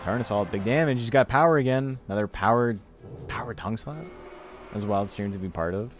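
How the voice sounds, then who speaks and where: A man's voice: on the low side, a little fast, soft background music. A man, chatting loosely and swearing casually while commentating a game tournament on a stream. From Canada. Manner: loose and profane, laughing often.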